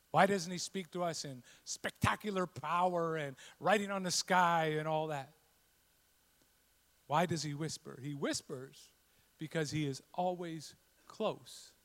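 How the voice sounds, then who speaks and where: A man preaching a sermon, telling a scripture story and building to loud, passionate repetition. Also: fairly high pitch. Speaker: pastor.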